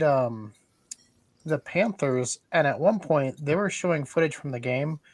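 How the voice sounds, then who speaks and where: A man hosting a casual sports chat, relaxed and passing the floor around. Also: a little high, no room sound. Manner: relaxed, moves the picks along. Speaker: podcast host.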